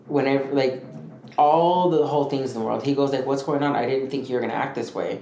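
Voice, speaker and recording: A man co-hosting a podcast, telling a story in a rambling, animated way and acting out what others said. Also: mid-range voice, fast talker. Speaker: podcast co-host. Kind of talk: casual storytelling chat. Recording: echoey room with faint noise.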